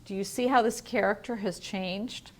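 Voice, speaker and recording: A woman teacher reading a picture book aloud to young children in a home learning video, gentle and asking the listener questions. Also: mid-range voice, fairly even intonation, normal speed, slight background noise. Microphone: home video recording.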